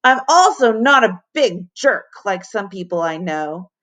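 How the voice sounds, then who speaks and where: A woman's voice: very animated, a little slow. A woman voicing an angry fourth-grade boy who is fed up with being teased, in a storybook reading. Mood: bitter. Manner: upset and shouting, raised higher voice.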